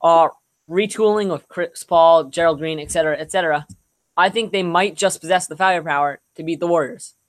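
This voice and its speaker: A man's voice: fairly high pitch, fairly quick. Young man chatting casually about sports. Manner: relaxed, rambling with fillers and restarts. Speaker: podcast co-host.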